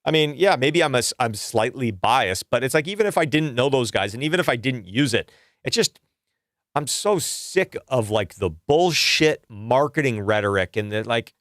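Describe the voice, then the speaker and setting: A man's voice: mid-range voice, lively intonation, moderate pace, a bit bright, no echo, studio quality. A middle-aged man hosting a casual livestream, rambling and swearing, with frequent restarts as he rants. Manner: rambling, profane, fired-up ranting with frequent restarts. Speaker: livestream host and music producer.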